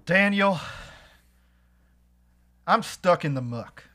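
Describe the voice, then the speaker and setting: Slow whiny ranch hand, as a man reads him, bright tone, drawn-out lines. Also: mid-range voice, lively intonation. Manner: slow plaintive sing-song repeats. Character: stubborn ranch hand stuck in mud, repeating himself. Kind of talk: comedy table read.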